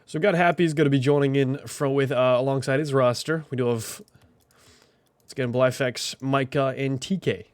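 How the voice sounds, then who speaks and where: A man with a medium-pitched, darkish voice hosts a game tournament stream, out of breath as he chats casually. His livestream commentary is full of fillers as he thinks aloud, recorded with no echo.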